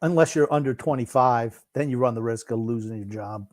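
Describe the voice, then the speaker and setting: A retired older man co-hosting a sports podcast, gruff and insistent, repeating his points. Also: mid-range voice, fairly quick. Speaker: podcast co-host. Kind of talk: casual sports chat.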